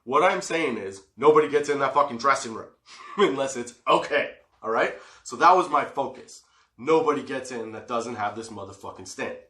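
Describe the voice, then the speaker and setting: A man from Canada telling comic stories on his podcast, with a bright, forceful voice. He swears freely, laughs often and acts out the other people in his stories. The room gives his voice a noticeable echo. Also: medium pitch, moderate pace. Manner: animated, swearing, laughing often, acting out quotes. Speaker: podcast host. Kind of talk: comedic storytelling.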